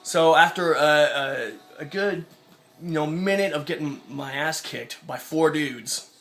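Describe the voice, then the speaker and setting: A man's voice: on the high side, a little slow, fairly bright tone, faint music behind. A young man telling an angry personal story in a vlog, swearing a lot and acting out the people he quotes. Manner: profane, ranting, acts out quoted voices. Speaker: vlogger.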